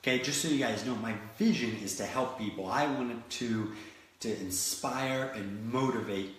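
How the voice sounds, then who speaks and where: A man's voice: mid-range voice, normal speed. Echoey motivational speaker, man. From Florida. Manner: animated storytelling with many restarts. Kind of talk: motivational talk. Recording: very echoey room.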